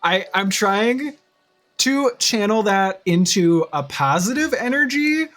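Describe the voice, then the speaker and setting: A game streamer chatting to a live audience while reading dialogue aloud, expressive and talkative, with frequent gasps and laughs. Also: mid-range voice, slow pace. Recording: faint game music underneath.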